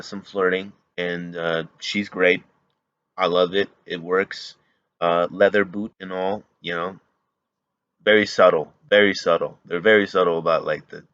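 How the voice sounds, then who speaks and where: A man hosting a casual reaction video, talking excitedly and rambling with lots of fillers and restarts. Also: low voice, no echo, muffled recording.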